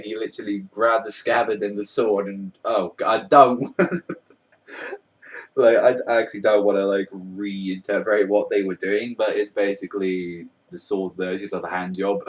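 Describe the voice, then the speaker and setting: Young man, manga review, low voice, rambling and filler-heavy, slightly distant mic. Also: little pitch movement, moderate pace. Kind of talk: casual chapter review.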